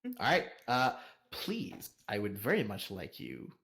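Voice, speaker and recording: Animated game master man, laughing often. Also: on the low side, a little slow, creaky. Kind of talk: narrating a tabletop game.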